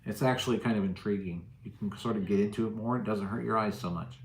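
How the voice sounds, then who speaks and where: Middle-aged male streamer, lowish voice, relaxed and jokey, roomy echo. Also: quick pace, noisy background. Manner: easygoing, joking, answering chat. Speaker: livestream host. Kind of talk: casual livestream chat with viewers. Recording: echoey room.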